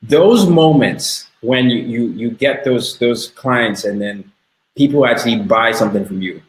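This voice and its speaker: A man's voice: mid-range voice, unhurried. Enthusiastic man hosting, in an echoey room. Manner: enthusiastic, stammering restarts, laughs often. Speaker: podcast host. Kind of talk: conversational podcast interview.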